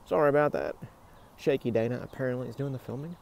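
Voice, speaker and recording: A man's voice: mid-range voice, quick pace, creaky, a little mellow, a little hiss or hum. A man in a casual outdoor vlog, talking in a rambling, self-mocking way while tired and shaky from garden work, recorded on a handheld phone. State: shaky hands, tired from digging.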